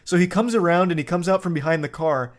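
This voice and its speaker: Young male streamer, slightly high voice, sarcastic and profane, rambling casual chat. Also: fast talker.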